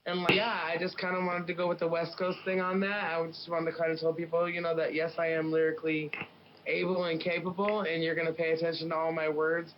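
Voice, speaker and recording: A woman's voice: on the low side, flat delivery, fast talker, highs cut off, background noise. A woman rapper from the Pacific Northwest talking frankly in a casual interview, telling stories with plenty of fillers. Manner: frank, storytelling, many fillers. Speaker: guest rapper.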